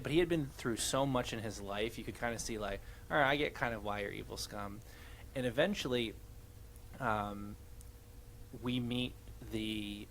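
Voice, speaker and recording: A man who runs tabletop games, recalling a campaign story in casual podcast chat, pausing to find his words. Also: medium pitch, a little hiss or hum. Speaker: podcast co-host or guest, game master.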